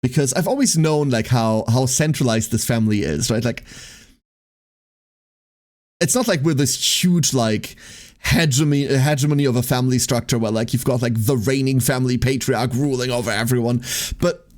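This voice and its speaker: A man's voice: medium pitch, moderate pace, a little mellow. A young man livestreaming, venting casually to his viewers in a rambling way, with lots of "like" and swearing.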